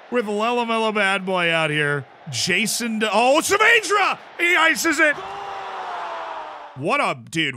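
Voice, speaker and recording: A man narrating his football management game for a live stream audience. His voice is bright and forceful and sits a little high. His goal calls explode into loud commentator-style shouting, while his tactical asides turn low and fast. A faint noise hums behind him. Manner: drops low and quick when musing.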